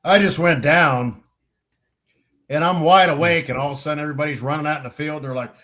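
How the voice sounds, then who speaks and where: A middle-aged man telling casual stories on a veterans' chat show, acting out quotes loudly and swearing freely. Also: fairly high pitch, fast talker. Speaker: podcast co-host, veteran.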